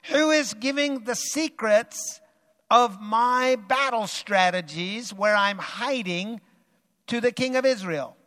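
A man's voice: very high-pitched, slow pace, bright, forceful tone, big-room sound, heavily acted. A man acting out an enraged ancient king who angrily demands to know which of his officers is a traitor. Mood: furious, demanding. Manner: demanding, accusing. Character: furious ancient male king hunting a traitor.

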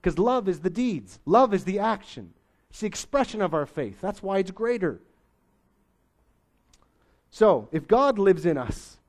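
A man's voice: fairly high pitch, a little mellow. Folksy, conversational preacher man. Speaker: pastor. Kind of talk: sermon.

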